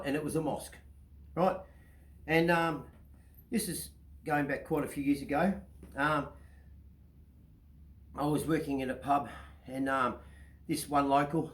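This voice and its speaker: Heard in an echoey room on a rough recording, this Australian-accented storyteller host has a fairly high-pitched voice. He chats his way through a long, meandering story on his own show, repeatedly checking in with "right?"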